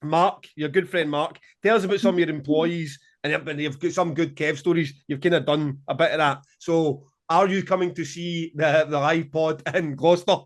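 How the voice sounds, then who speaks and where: A man's voice: on the high side, fairly even intonation, moderate pace, few pauses. Swearing, teasing podcast co-host, a man. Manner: swears freely, laughing and teasing. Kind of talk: casual chat.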